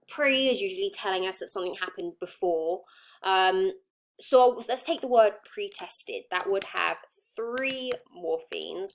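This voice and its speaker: A woman with an English accent, a psychology lecturer explaining patiently with frequent ums and worked examples. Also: mid-range voice. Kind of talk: recorded lecture.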